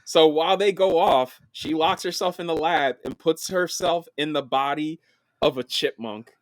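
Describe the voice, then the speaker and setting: A man co-hosting a film podcast in casual chat, animated, laughing often and swearing freely. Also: a little high, normal speed, dry recording. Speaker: podcast co-host.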